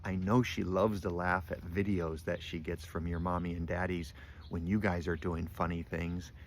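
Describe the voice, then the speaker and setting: His voice fairly low and showing little pitch movement, an older man reads a picture book to his grandchildren at normal speed. Gentle in manner, he frequently breaks off to ask them questions while a faint room hum lingers.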